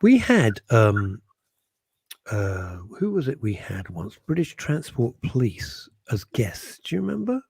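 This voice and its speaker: A man co-hosting a radio show, chatting casually in a jokey, animated way with frequent laughs. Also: medium pitch, unhurried, vocal fry, husky, dry recording. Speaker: radio co-host. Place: radio studio.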